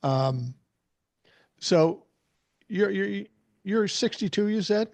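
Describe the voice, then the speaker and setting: A man hosts a casual podcast chat, trading stories in a blunt way and swearing freely. His voice sits a bit high with a gravelly, fry-laden edge. The sound is close and dry. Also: animated, slow pace, darkish tone, no echo. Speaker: podcast host.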